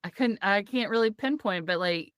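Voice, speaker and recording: A woman's voice: medium pitch, normal speed, fairly bright tone, clean tone, no room sound, clean studio sound. A woman hosting a podcast, chatting casually, telling stories and laughing often. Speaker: podcast host.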